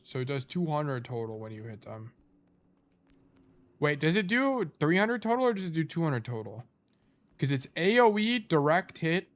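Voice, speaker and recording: With a fairly high-pitched voice, a man coaches casually on a live stream while reviewing a game replay. He muses aloud in a relaxed, slightly drowsy manner, regularly trailing off to fix what he said.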